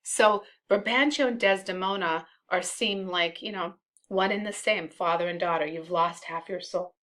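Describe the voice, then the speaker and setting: A woman's voice: on the low side, steady tone, moderate pace, few pauses, sharp tone. A woman teacher explaining a play she reads aloud, addressing her students directly. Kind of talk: classroom read-aloud with explanations.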